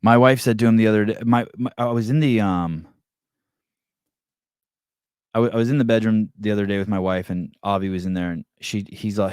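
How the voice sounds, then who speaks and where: A middle-aged man hosts a casual podcast in a low, deep voice. He jokes crudely and swears freely, and he slips into voiced quotes as he tells stories. The sound is dry and close, with no room echo. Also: fairly quick, clean tone. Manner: profane, joking, animated storytelling with voiced quotes. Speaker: podcast host.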